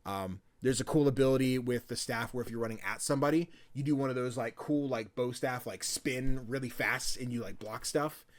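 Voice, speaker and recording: A man's voice: medium pitch, fairly quick, hardly any pauses. A young man hosting a podcast, chatting casually about video games in a loose, swearing, playful way. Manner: loose and chatty, swears freely, acts out game characters. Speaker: podcast host.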